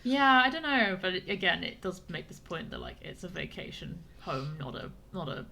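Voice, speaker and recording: Gravelly low-voiced woman. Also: very animated, moderate pace, sharp tone. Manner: agreeable, laid-back interjections. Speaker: co-host playing a video game. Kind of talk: casual let's-play chat.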